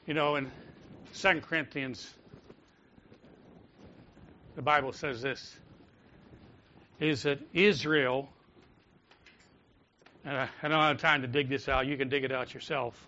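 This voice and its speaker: A pastor preaching a sermon in a church, rising to loud calls and dropping to soft, prayerful tones. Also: male voice, medium pitch, fairly even intonation, unhurried, pauses often, highs cut off. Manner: swings from loud exhortation to soft intimate prayer. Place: church sanctuary.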